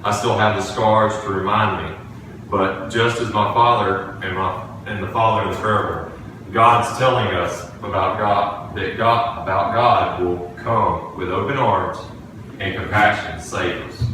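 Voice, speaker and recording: Telling a childhood story within his sermon, this preacher speaks earnestly and keeps stopping and starting again. The low voice has a bright, forceful quality and a steady tone, heard from a distance in a highly reverberant church sanctuary with a little hiss or hum.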